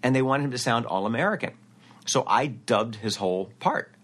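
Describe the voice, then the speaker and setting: A man's voice: mid-range voice, normal speed. A man, a voice actor, chatting in an interview and acting out quotes as he tells stories. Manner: animated storyteller who acts out quotes. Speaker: voice actor guest. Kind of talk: casual interview chat.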